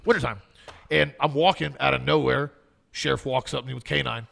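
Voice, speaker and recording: Fast gravelly man telling a story. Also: medium pitch, fairly even intonation, a bit bright. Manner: rambling, emphatic storyteller. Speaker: co-host. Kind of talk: casual chat, storytelling.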